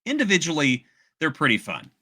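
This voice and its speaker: A man's voice: fairly high pitch, wildly swooping pitch, fairly quick, sharp tone, slightly rough. An American man hosting a podcast, recapping a cartoon in a playful, laughing casual chat. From United States. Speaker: podcast host.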